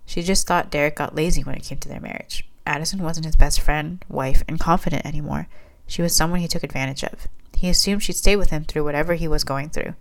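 A woman reading her own fan fiction aloud in a steady, plain way. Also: low-pitched, quick pace, creaky, rough recording. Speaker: reader.

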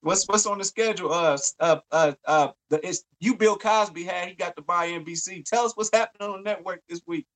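This male co-host talks briskly with few pauses, his voice sitting high and a bit bright. It's relaxed podcast banter where he repeats himself and trails off with "man" or "you know what I'm saying," captured on poor audio.

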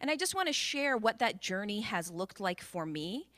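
A woman from the United States, a guest preacher giving a conversational sermon in a church, chatty and informal with frequent ums and quick asides. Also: medium pitch, sing-song, fairly bright tone. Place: church sanctuary with a congregation, also streamed to Zoom.

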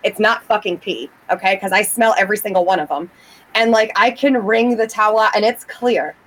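A woman's voice: medium pitch, brisk, poor audio. A woman in casual chat who describes strange happenings at home, talking emphatically and swearing freely. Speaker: guest describing a haunting.

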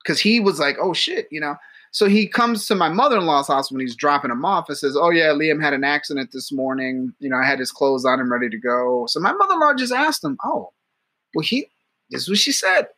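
A man's voice: on the high side, lively intonation, a little fast, sharp tone. A man co-hosting a casual podcast, telling profane stories and laughing often. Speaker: podcast co-host. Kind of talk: casual crude podcast banter.

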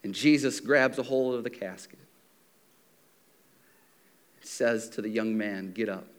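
A man preaching a sermon, telling the stories in a lively, conversational way and acting out the characters' lines, swinging from loud shouts down to near-whispers. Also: mid-range voice, a little slow. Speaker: pastor.

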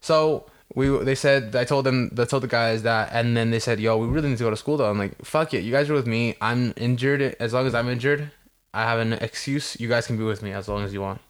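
A man's voice: medium pitch, brisk, smooth. Young man telling a rowdy story. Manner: animated, heavy swearing, acts out quotes. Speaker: podcast co-host. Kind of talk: casual storytelling.

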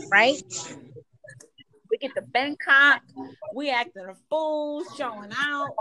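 A young woman telling a story in a brash, profane, animated way. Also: on the high side, normal speed, low-quality recording. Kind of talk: casual storytelling.

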